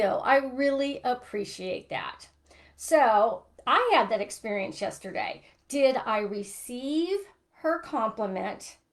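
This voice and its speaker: A middle-aged woman coaching listeners on money mindset, earnestly asking reflective questions. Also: fairly high pitch. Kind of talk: live coaching broadcast.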